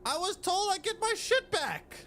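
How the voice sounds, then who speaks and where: A man's voice: extremely high pitch, sing-song, moderate pace, pushed and bright, faint music behind. A man streaming a game, ranting in exasperation and swearing at what happens on screen. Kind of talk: live gameplay commentary.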